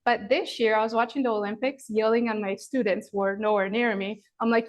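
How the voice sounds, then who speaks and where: A woman in her forties from Romania, a yoga teacher giving a chatty, animated online workshop, demonstrating poses as she talks to viewers. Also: fairly high pitch, fairly quick, hardly any pauses. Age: 40s. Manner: chatty, animated, addresses viewers as "you guys"; demonstrating poses while talking.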